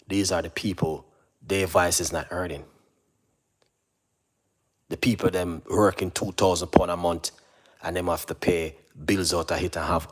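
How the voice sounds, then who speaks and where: A man, talking earnestly and casually to his viewers, repeating "you know what I mean" as he urges them not to stress. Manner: mimics receptionists in a higher voice. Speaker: channel host. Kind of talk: casual motivational talk to camera.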